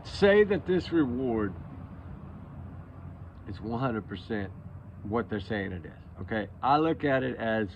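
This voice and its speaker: Gravelly, worn-out man rambling to viewers. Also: mid-range voice, animated, slow pace, long pauses, lo-fi sound, slight background noise. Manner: rambling, emphatic, repeats himself. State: exhausted from lack of sleep. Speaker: true crime commentary channel host. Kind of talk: casual opinion monologue to viewers.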